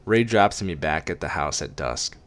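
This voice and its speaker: A man's voice: a bass voice, lively intonation, normal speed, fairly bright tone. A man reading a first-person story aloud as an amateur audiobook, plainly, with occasional stumbles and restarts. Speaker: reader.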